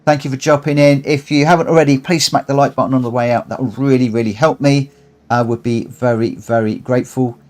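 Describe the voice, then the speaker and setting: A man hosts a live online racing stream from his room at home, out of breath as he chats in a friendly way and reads race results aloud. His medium-pitched voice is steady, fairly quick and slightly mellow.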